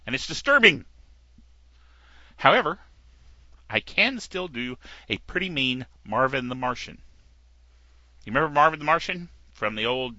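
A middle-aged man with a slightly gravelly voice hosting a casual tech news show, digressing often and chuckling at his own jokes. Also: medium pitch, sharp tone, no echo. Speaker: tech podcast host. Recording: dull lo-fi dry recording.

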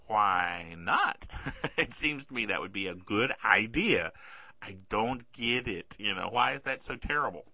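Lively, sharp-voiced podcast man with a sore throat. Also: medium pitch, moderate pace, no echo. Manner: chatty, sarcastic, keeps asking "okay?". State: throat trouble, keeps clearing his throat. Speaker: podcast host. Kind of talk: casual tech news commentary. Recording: dull lo-fi dry recording.

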